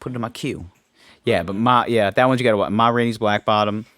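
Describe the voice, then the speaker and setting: A man's voice: fairly low pitch, fast, no room sound. A man in his thirties co-hosting a podcast, chatting casually and telling joking stories. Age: 30s. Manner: joking, animated storytelling. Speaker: podcast co-host. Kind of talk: casual chat.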